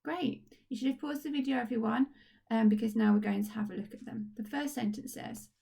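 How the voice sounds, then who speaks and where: With a warm tone, a little high and fairly quick with vocal fry, a primary school teacher leads a recorded phonics lesson from home. She keeps it upbeat and encouraging for the young children.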